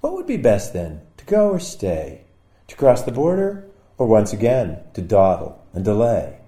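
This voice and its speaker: A man reading his own poem in a wry, musing way, with sudden loud outbursts. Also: lowish voice, huge pitch swings, unhurried, roomy sound. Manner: wry, musing delivery with sudden bursts of loudness. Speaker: poet. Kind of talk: poetry reading.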